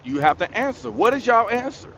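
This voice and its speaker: A man's voice: very high-pitched, big pitch swings, a little fast, vocal fry, a bit bright, a little hiss or hum. A man hosting his own channel, delivering a scolding, preachy rant straight at his audience, repeating his points for emphasis. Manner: preachy, scolding, repetitive, addresses the audience directly. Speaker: commentary channel host. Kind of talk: ranting monologue commentary.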